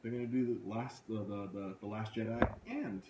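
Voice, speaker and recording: A man's voice: lowish voice, normal speed, echoey room, very noisy. A man hosting a podcast live from a comic book shop, chatting casually and animatedly acting out funny scenes. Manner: animated storyteller, acts out scenes in funny voices. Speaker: podcast host. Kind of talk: casual chat.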